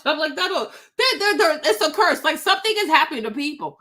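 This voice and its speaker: A woman's voice: high-pitched, animated, a little fast, bright, forceful tone. A woman hosting a livestream from outdoors, giving emphatic, opinionated commentary full of repeated rhetorical questions. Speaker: livestream host.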